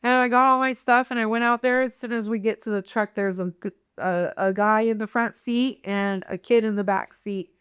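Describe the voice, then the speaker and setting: A woman's voice: fairly high pitch, fairly even intonation, moderate pace, fairly bright tone, smooth, no room sound, studio quality. Candid young woman from Nebraska. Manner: candid, acts out quoted voices, many fillers. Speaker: guest. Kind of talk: personal storytelling in conversation.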